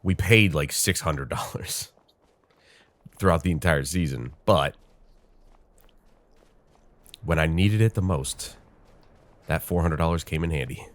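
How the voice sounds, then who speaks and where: A man's voice: a bass voice, measured pace, long pauses, no room sound. A male gaming host with a congested voice, chatting casually and rambling with lots of fillers while he plays. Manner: rambling, chatty, thinks aloud with many fillers. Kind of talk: casual gameplay commentary.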